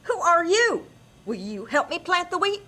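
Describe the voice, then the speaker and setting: A woman's voice: extremely high pitch, very animated, normal speed, pushed and bright, exaggerated voice. Woman voicing a nagging little red hen. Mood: pestering. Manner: insistent, nagging questions.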